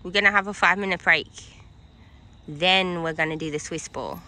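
A woman's voice: fairly low pitch, normal speed, sharp tone. A woman who works at a dog daycare, filming outdoors on her phone and cooing praise at the dogs in a sing-song voice. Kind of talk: casual vlog narration, talking to dogs. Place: outdoor dog play yard. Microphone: handheld phone camera.

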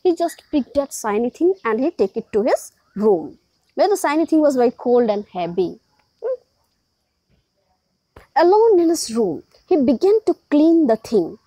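Woman teacher, high voice, mellow tone, dry close sound, explains with questions. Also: sing-song, measured pace, slightly rough, dry recording, poor audio. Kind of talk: reading a story and explaining it to a class.

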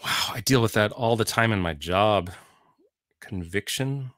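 A middle-aged man with a fairly low yet bright, forward voice speaks as an interview guest. He thinks aloud, reframes questions and lands jokes with wry timing. The sound is close and dry. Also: animated, no echo. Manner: thoughtful, wry, tells jokes with deliberate timing. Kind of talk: casual conversation.

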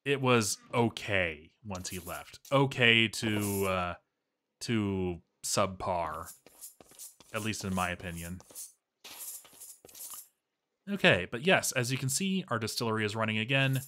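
A man's voice: lowish voice, a little slow, bright, forceful tone, slight background noise. A man giving casual, rambling and playful commentary while he plays a game, chatting to his viewers.

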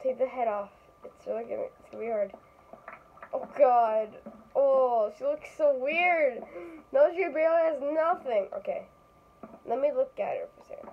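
A woman chatting excitedly during a casual game role-play, with frequent exclamations, on a dull lo-fi recording. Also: high-pitched, moderate pace.

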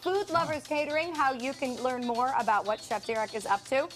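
Upbeat tv host lady, high voice, music playing under her. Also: a little fast. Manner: upbeat, wraps up segment. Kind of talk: morning show hosting. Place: TV studio kitchen. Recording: music behind.

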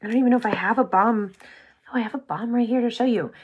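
A woman hosting a casual makeup tutorial, bubbly and chatty, full of "like", often dropping to a soft whisper. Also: on the high side, fast, highs cut off, slight background noise. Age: adult with sons. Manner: bubbly, chatty, heavy use of "like".

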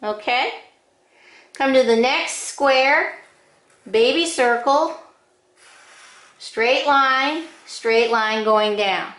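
A woman giving a drawing lesson, calling out short steps one at a time in a slow, patient way. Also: high voice, fairly bright tone, reverberant. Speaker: drawing teacher. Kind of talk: step-by-step drawing instruction.

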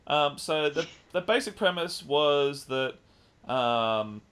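Bright-voiced man recapping a film. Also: on the high side, slow pace, clean tone. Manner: animated retelling with swearing and mimicked lines. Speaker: podcast co-host. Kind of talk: casual chat, film review.

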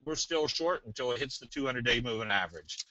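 A man presenting a trading webinar in a casual, folksy way, slipping in jokes and a sales pitch. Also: expressive, fast, bright, forceful tone, no echo. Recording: dull, dry webinar audio.

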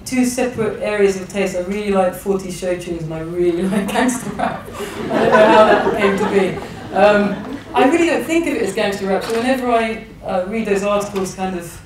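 An English novelist in her thirties speaks thoughtfully as a guest in a public conversation, hesitating and often restarting her sentences. Her medium-pitched voice moves briskly with hardly any pauses. She's recorded from afar in a large, echoey hall, with a noisy background.

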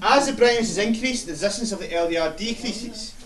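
A man's voice: sits high, fairly quick, a crowd in the background. A male science teacher giving a classroom lesson, explaining step by step and checking in with the class. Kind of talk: classroom instruction. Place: school classroom. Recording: echoey classroom, mic far off, faint hiss.

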